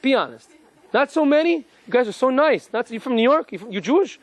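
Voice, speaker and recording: A man, a rabbi, giving an animated, joking lecture and quizzing his live audience. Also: very high voice, a little fast, no echo.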